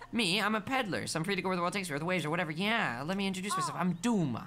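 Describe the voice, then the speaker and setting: A streamer voicing a boastful male fish-folk peddler in a video game, cocky and gossipy, with lively swings of pitch over game music. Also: racing, lightly acted.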